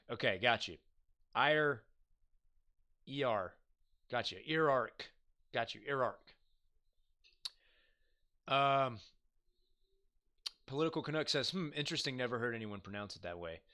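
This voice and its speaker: A man's voice: medium pitch, sharp tone. A man hosting a casual live stream, reading viewer comments aloud, loose and chatty with swearing and self-deprecating jokes. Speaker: livestream host.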